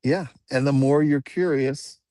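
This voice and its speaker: A man on a video call, relaxed, patiently explaining pronunciation. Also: medium pitch, measured pace, no echo, clean studio sound. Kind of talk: casual video-call chat.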